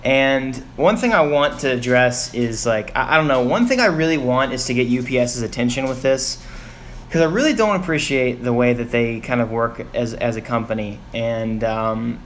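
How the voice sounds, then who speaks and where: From his home garage, a young vlogger rants loosely to his live-stream viewers, his frustration growing through ums, fillers and heavy sighs. His middle-pitched voice has lively intonation, with a faint hiss beneath the recording.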